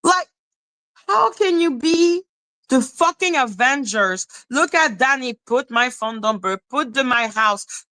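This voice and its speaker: A woman's voice: on the high side, animated, takes it slowly, bright, forceful tone, low-quality recording. A woman hosting a commentary livestream, ranting in a profane, sarcastic and scornful way. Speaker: commentary channel host. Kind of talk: livestream rant.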